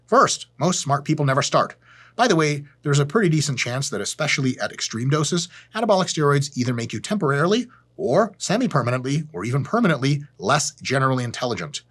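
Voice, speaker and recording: A man hosting his fitness channel, giving a blunt, profane, joking educational rant with deadpan asides. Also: mid-range voice, husky. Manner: sarcastic and blunt, swears freely.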